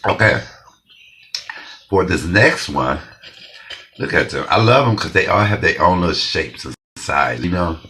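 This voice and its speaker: A man's voice: sits low, animated, unhurried, long pauses, bright, forceful tone, a little hiss or hum. A man hosting a home cooking show, chatting bluntly and straight to viewers as he tastes his food. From Detroit, USA. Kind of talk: casual cooking vlog with tasting.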